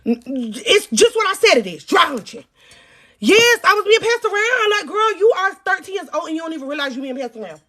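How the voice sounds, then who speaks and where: A woman vlogger telling an embarrassing storytime. She is crude and self-mocking, talks straight to her viewers, and turns loud when she teases herself. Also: extremely high pitch, fast. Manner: animated, loud bursts when teasing herself. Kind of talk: storytime vlog.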